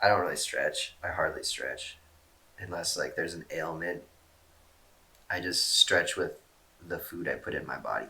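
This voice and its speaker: A relaxed man works through viewer questions in a loose, rambling Q&A, cursing freely and poking fun at himself. His voice sits low yet carries a bright, forward edge. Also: unhurried, long pauses. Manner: rambling, laid-back, swears a lot; self-mocking jokes. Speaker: skateboarder answering fan questions. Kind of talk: casual Q&A, reading out viewer questions.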